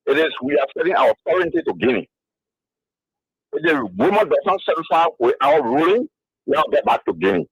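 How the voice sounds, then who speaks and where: A Liberian man calls in to a radio show and keeps pressing the same point. His voice is husky and gravelly, and his pitch leaps up and down a great deal. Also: no echo, low-quality recording. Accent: Liberian English. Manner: insistent, repeats his point. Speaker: caller. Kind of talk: call-in radio opinion.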